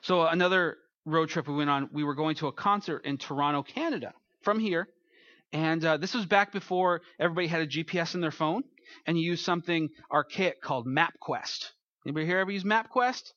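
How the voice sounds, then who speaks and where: High, bright-voiced joking preacher man. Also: fairly quick, no echo, highs cut off. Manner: chatty, joking storyteller. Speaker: pastor. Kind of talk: sermon with humorous stories.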